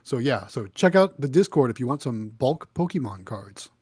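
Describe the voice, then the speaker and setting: A man's voice: medium pitch, big pitch swings, normal speed, darkish tone, breathy edge, dry recording, clean studio sound. A man hosting a casual livestream, reading out viewer comments and greeting people in a friendly, upbeat way. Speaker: livestream host.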